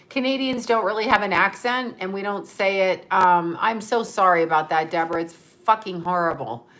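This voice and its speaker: A woman's voice: mid-range voice, sharp tone. A woman talking casually on a livestream, chatting, swearing freely and thanking viewers by name as she reads their comments. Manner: laughs often while talking. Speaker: livestream host.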